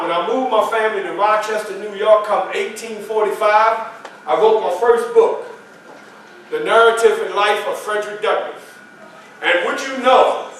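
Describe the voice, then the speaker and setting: A man's voice: high voice, fairly bright tone, slight background noise. A man performing a first-person historical portrayal, telling his story in a folksy, conversational way at a library event. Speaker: historical reenactor. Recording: echoey room, mic far off.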